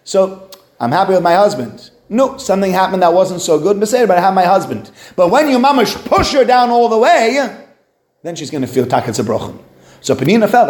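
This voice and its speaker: A man giving a weekly religious text class in an animated, conversational way, acting out the quotes. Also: high voice, a little fast. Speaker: religious teacher. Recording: roomy echo.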